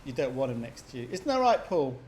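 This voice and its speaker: A man's voice: medium pitch, big pitch swings, fast talker, darkish tone, a little hiss or hum. A man casting a multiplayer strategy game in a loose, chatty way, laughing and teasing the players. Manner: chatty, laughs often, puts on silly voices for players. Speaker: game caster. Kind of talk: casual game commentary.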